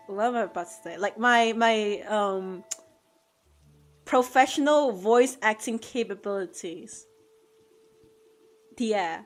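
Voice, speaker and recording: A woman art streamer in casual live-stream chat, playful and joking, often laughing. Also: mid-range voice.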